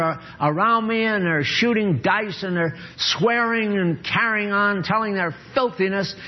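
An old preacher playing a fervent chained apostle. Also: male voice, high voice, highs cut off, voice pushed up. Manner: earnest, pleading, drawn out. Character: fervent chained male apostle longing for God.

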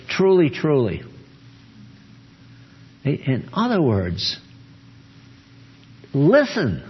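A man's voice: on the high side, husky. A man preaching a sermon and teaching from the Bible, often asking his listeners questions. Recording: dull lo-fi recording.

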